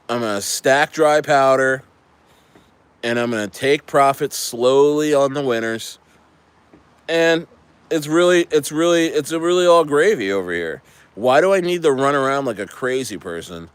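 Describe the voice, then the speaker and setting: A man rants casually about crypto picks, swearing freely and repeating phrases as he goes. His voice sits at an ordinary middle pitch. The recording is dry and close. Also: smooth, no echo. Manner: rambling, profane, repeats himself. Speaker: crypto streamer. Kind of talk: casual ranting chat.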